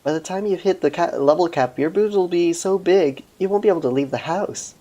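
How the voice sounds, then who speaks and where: A man's voice: sits high, brisk, warm tone, lo-fi sound, pitched above the performer's own voice. A man voicing a sarcastic young female cat in a game, teasing and indignant.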